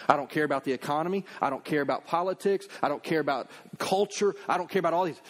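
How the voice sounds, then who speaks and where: A middle-aged man, a pastor preaching a sermon in a conversational, animated way, slipping into quick acted asides. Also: on the high side.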